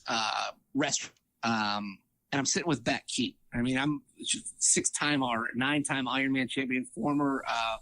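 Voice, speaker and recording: A man's voice: mid-range voice, normal speed, pushed and bright, dry recording. A man, a triathlete guest in a casual interview, telling stories animatedly, acting out quoted dialogue with lots of fillers and restarts.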